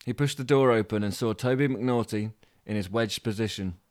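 Deadpan storyteller man, smooth voice. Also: fairly low pitch, moderate pace. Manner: dry, deadpan asides. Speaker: podcast host and storyteller. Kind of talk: comic storytelling narration.

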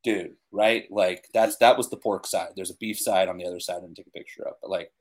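A young man co-hosting a casual podcast, talking with excitement and leaning on fillers like "like" and "dude". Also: low voice, a little fast. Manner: enthusiastic, filler-heavy, says like and dude a lot. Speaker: podcast co-host. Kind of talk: casual chat.

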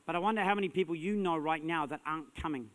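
Male pastor, sermon delivery, slightly high pitch, energetic and emphatic. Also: quick pace. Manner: energetic, punchy, rising to shouts.

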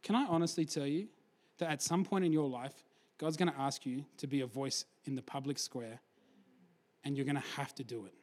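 A man preaching a lively sermon, telling stories with energy and acting out quotes before settling into a quieter appeal. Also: mid-range voice, brisk. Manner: energetic storyteller, acts out quotes, drops to a hushed close.

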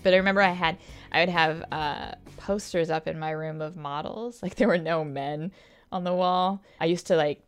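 A woman co-hosting a podcast, telling stories in a casual chat with lively mimicry of others. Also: low-pitched, normal speed, smooth, soft background music. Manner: animated storyteller, mimics others with sudden loud outbursts. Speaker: podcast co-host.

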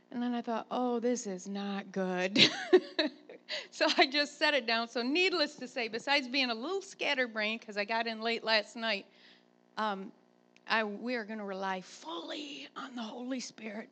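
High-voiced woman pastor telling stories. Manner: chatty, animated storytelling. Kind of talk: sermon with personal story.

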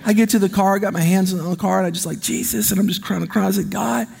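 A male pastor delivers an animated, conversational sermon and keeps calling out for the congregation to answer him. His voice sits high. The long reverb of a large church hall hangs on every line. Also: rapid-fire, gravelly, breathy edge.

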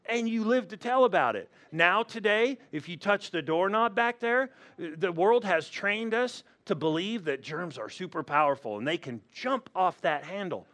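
Slightly high-voiced male pastor, playful sermon. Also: expressive, moderate pace, few pauses, a bit bright. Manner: humorous storytelling that acts out the people in its stories.

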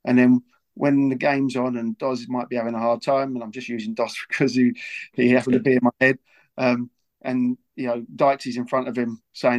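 Guy on a football podcast, gravelly, really flat delivery, keeps repeating words. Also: medium pitch, brisk, dull audio. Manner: earnest, repeats words often. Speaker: football club figure as guest. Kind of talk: casual podcast talk.

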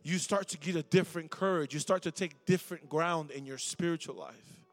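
Preaching casually as a guest at a youth service, a middle-aged man often stops to have the young audience respond. His voice sits high for a man and echoes with the long reverb of a large church hall.

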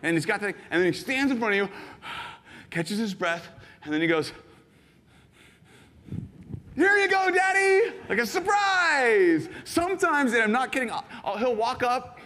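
Man, pastor, sermon, high voice, quick animated storytelling, long church reverb. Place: church sanctuary.

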